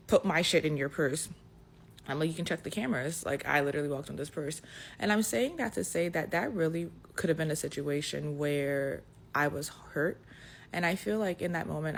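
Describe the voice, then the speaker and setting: A young adult woman casually telling a personal story, animated and dotted with "like" fillers. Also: deep voice, creaky, slight background noise. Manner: animated retelling, full of "like" fillers. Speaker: storyteller in a clip.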